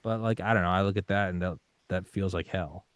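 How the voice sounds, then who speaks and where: A man's voice: low voice, level tone, brisk, a bit bright, no echo. A young man talking in a casual interview, intense and swearing, acting out his own panicked thoughts. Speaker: podcast guest.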